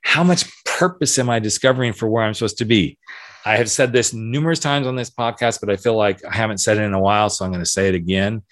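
A candid man in his late fifties from the American South, his accent showing now and then as he muses on his podcast. His voice sits a little low and is recorded dry and close, with no room around it. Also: fast, a bit bright, no room sound. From southern United States. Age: 50s. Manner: candid, conversational, emphatic repetitions. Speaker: podcast host. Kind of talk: reflective podcast monologue.

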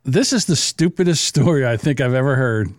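In clean studio sound with no room echo, a podcast co-host trades casual banter in a mid-range voice. He talks fairly quickly with lively intonation, laughing often and swearing freely.

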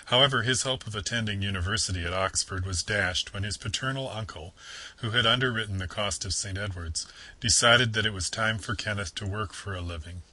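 A man giving a measured, formal scripted lecture on literature. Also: lowish voice, bright, forceful tone, low-quality recording.

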